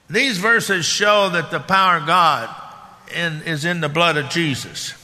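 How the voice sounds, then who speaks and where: Folksy preacher in a reverberant hall. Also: male voice, on the high side, a little slow, pushed and bright. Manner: folksy, conversational preaching with down-home grammar. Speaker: pastor. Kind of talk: sermon.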